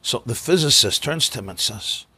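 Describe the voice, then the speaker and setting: Male rabbi lecturing in a synagogue; bright, husky tone, emphatic, repeats key words, sprinkles in Hebrew and Yiddish. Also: medium pitch, lively intonation, normal speed, no room sound. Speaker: rabbi teaching a class. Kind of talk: lecture on mystical texts.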